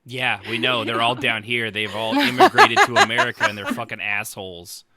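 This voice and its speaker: A man's voice: mid-range voice, big pitch swings, brisk, crowd noise. A man hosting a podcast, talking in a blunt, joking, profane way. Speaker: podcast host. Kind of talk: casual podcast chat.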